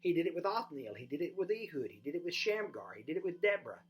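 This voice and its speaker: Pastor preaching with lively, shifting emphasis. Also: fast. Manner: lively, swings from loud emphasis to soft and low; addresses listeners with direct questions. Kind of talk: sermon.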